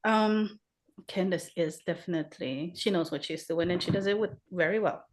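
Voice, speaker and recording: A woman's voice: fairly low pitch, moderate pace. A woman co-hosting a podcast in casual chat, emphatic and repeating points for stress. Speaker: podcast co-host.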